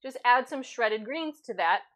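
Speaking a little slowly, this woman has a slightly high, bit-bright voice with lively intonation. She hosts a casual cooking livestream in her home kitchen, chatting and reading comments aloud, recorded on a lavalier microphone.

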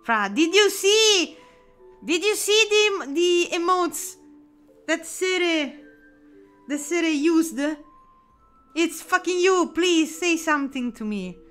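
A woman's voice: very high-pitched, lively intonation, slow pace, long pauses, a bit bright, faint music behind. A woman with an Italian accent chatting casually with her audience while drawing live, giggly and full of fillers and restarts. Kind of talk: casual live-stream chat.

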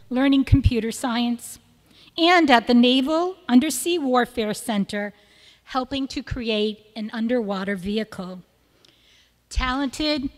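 A woman reading prepared tributes to graduating students at a school ceremony, in a measured, list-like delivery of praise. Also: a little high. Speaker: school speaker presenting seniors. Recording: long reverb of a large hall.

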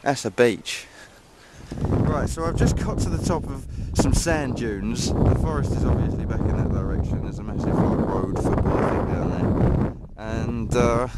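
A man's voice: mid-range voice, unhurried. An English man chatting casually and jokingly to the camera while walking outdoors among dunes and woods, mocking himself as he goes. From England. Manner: chatty, self-mocking, jokey. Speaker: vlogger. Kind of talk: casual walking vlog narration. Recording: noisy outdoor camera recording.

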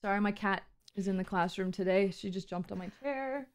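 A woman's voice: mid-range voice, fairly quick, clean tone. A woman streaming, chatting casually in a crude, giggly, playful way, acting like a teacher. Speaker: streamer co-host. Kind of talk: casual livestream chat.

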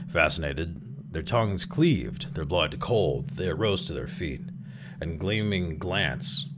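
A man narrating a classic short story aloud in an expressive reading, with occasional restarts. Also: a bass voice, background noise.

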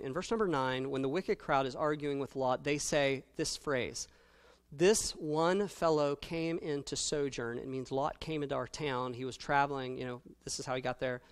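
A man preaching a sermon as pastor. He swells into loud emphatic declarations and drops back to quiet, low asides. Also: clean tone.

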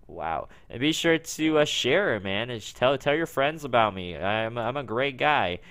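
Young man, gaming commentary, smooth crisp voice, dry close sound, unhurried. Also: medium pitch, animated, dry recording. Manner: talks to himself, erupts into yelling when frustrated. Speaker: gaming YouTuber. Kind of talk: let's play commentary.

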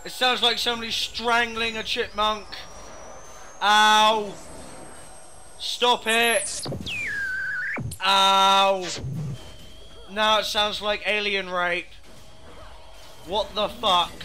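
A man giving profane, excitable commentary over his own gameplay as host of a gaming video, talking into a gaming headset. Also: high voice, unhurried, a little hiss or hum. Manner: profane, excitable, yelling in bursts.

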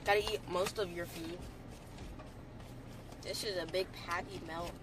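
A young woman vlogging playfully with her mother over lunch, excitable and chatty. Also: fairly low pitch, a little slow. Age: young adult. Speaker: vlogger daughter. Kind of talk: casual chat. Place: restaurant. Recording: noisy restaurant on a phone.

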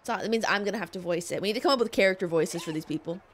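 A woman's voice: medium pitch, rapid-fire, a little hiss or hum. A young woman streaming a game and chatting casually, rambling with lots of fillers and restarts.

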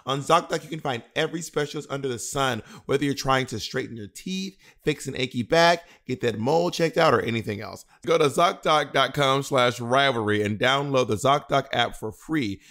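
A man reads a scripted sponsor spot, his voice gravelly with a low fry at the ends of phrases. His pitch sits in an ordinary middle range. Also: normal speed, hardly any pauses, a bit bright. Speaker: ad reader. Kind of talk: scripted ad read.

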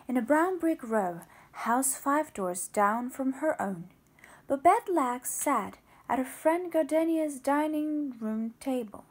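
A woman's voice: high voice, darkish tone. A woman narrating an audiobook, reading expressively and voicing the characters. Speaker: audiobook reader.

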